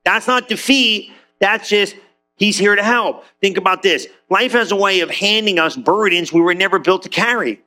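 A man with a high, bright voice preaches in a loose, chatty way. He slips into little acted-out voices and trips over his words as he restarts his sentences. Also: normal speed. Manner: conversational, acts out quoted voices; repeats himself with restarts. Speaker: pastor. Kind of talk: lively sermon.

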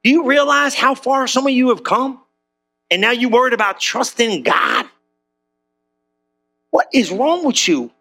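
A middle-aged male pastor preaching a lively sermon, joking and calling out to the congregation. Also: extremely high pitch, unhurried, long pauses. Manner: animated, joking, calls out to the congregation.

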